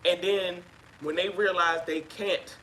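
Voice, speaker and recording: A woman sharing her own experience as a guest on a live chat, telling it in an emphatic, animated way. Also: fairly low pitch, a little slow, a little hiss or hum, rough recording. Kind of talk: casual live-stream chat.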